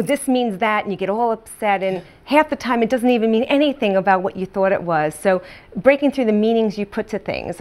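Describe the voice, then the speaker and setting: A woman's voice: medium pitch, a little mellow. A woman author as a guest on a talk show, chatting casually and acting out her own inner voice.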